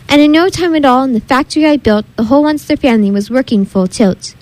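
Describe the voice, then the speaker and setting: A woman's voice: high-pitched, quick pace, few pauses, darkish tone, low-quality recording. A woman reading a rhyming storybook aloud with a rhythmic, sing-song delivery. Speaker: reader. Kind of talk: storybook read-aloud in rhyme.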